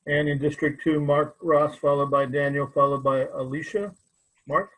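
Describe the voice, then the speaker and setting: A man with a somewhat high, flat voice that keeps a steady tone throughout, speaking over a video call. He moderates the forum, reading out questions and calling on each candidate. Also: moderate pace, poor audio. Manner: flat, even delivery.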